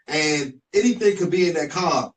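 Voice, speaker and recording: A man with a slightly high voice conducts an interview, sounding sympathetic and openly disbelieving. He sits some distance from the microphone, so his voice sounds distant. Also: lively intonation, moderate pace. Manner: sympathetic, incredulous follow-ups. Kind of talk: interview questions. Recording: voice off-mic, distant.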